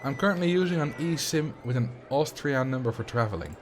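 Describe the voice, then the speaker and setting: A man's voice: medium pitch, expressive, fairly quick, slight background noise. A man with a Dutch accent chatting casually as a streamer while playing a game, rambling and answering viewer questions.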